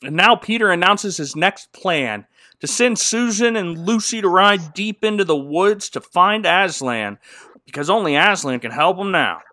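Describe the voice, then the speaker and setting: A man hosting a comedy podcast, recapping a film with jokes and mocking little character voices. His voice sits high and bright, swinging widely in pitch. The sound is close and dry, with no room around it. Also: no echo. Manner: animated, jokey, slips into mocking character voices. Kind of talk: casual comedic movie recap.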